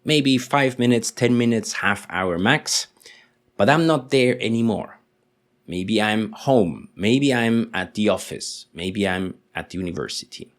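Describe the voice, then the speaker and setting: A man teaching in English, explaining patiently and slowly repeating example sentences. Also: fairly low pitch, animated. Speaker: German teacher. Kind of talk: language lesson explanation.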